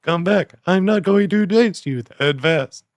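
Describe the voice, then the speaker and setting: A man putting on a creepy old man with a flat, robotic, synthesized-sounding delivery, as a comedic impression. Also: high-pitched, unhurried, dry recording, clean studio sound. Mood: leering.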